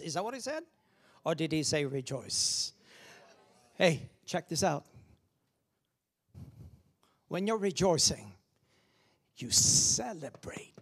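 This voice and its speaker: A man preaching as pastor, animated, swinging from loud calls down to hushed whispers. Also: a little high, slow, pauses often, slightly rough. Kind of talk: lively sermon.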